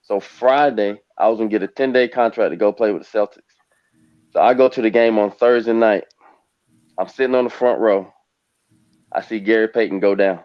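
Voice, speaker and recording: This man in his forties, a former US professional basketball player, tells his life story in a rambling, emotional way during a panel conversation. His lowish voice keeps a moderate pace with frequent pauses, and the dry recording sounds dull.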